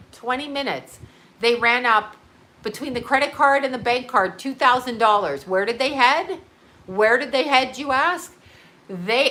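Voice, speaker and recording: A woman's voice: on the high side, bright, forceful tone. A woman telling a rambling story to her live viewers in a casual, chatty way, swearing freely. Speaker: livestream host.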